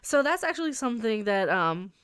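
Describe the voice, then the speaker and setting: A woman's voice: a little high, sing-song, a little fast, a bit bright, smooth. A young woman hosting a casual livestream from a small room at home, chatting with her chat, rambling, with frequent laughs and restarts. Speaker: livestream host reading chat.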